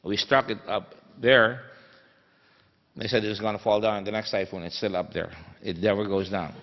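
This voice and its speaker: Male guest speaker, low-pitched, telling his stories with punch; recorded in a long-reverb hall on a muffled line. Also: steady tone, normal speed. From Philippines. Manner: storytelling, emphatic, many fillers. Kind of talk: anecdotal conference speech. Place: conference hall. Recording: dull sound in a reverberant hall.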